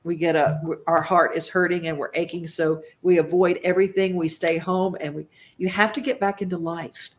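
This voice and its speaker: A woman's voice: fairly low pitch, steady tone, moderate pace, hardly any pauses. A woman hosting a talk show, speaking emphatically and reading viewer comments aloud. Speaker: host. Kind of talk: casual talk show chat.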